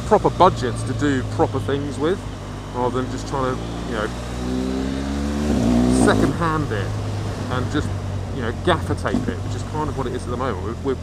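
A man chatting and swearing casually while riding a motorbike through city traffic. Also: medium pitch. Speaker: motorcycle vlogger. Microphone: helmet camera mic. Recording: loud wind and traffic noise.

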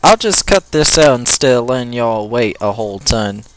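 A man giving jokey let's play commentary over his own game, excitable and quick to panicked yelling. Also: mid-range voice, no room sound, faint music behind. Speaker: gameplay commentator.

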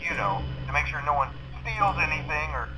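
A man's voice: a little high, animated, fairly quick, over music, natural voice. A man voicing a laid-back attraction manager in a recorded message, rambling with fillers and chuckles. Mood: easygoing. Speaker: recorded phone message from a boss. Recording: noisy recorded message audio.

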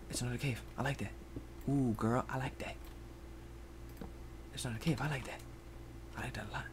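A man giving rambling Let's Play commentary at his computer, jumping between loud outbursts and muttered whispers. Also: medium pitch, a little hiss or hum. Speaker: gaming YouTuber. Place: at a computer, indoors.

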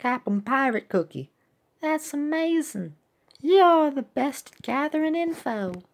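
A woman squeaking as an eager little cookie kid. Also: animated, unhurried. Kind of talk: reading game cutscenes aloud.

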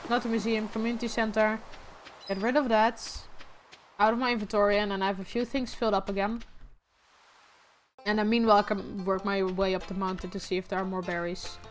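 A woman's voice: medium pitch, level tone, fairly quick, soft background music. A young woman streaming a game, keeping up a casual running commentary and often correcting herself. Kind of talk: casual gameplay chat.

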